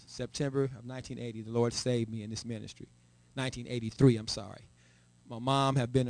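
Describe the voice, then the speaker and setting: Middle-aged male church elder testifying, stammers and builds to emphatic peaks, mid-pitched, close dry sound. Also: dry recording. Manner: stammering repeats, rising to emphatic raised voice. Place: church sanctuary. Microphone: live stream.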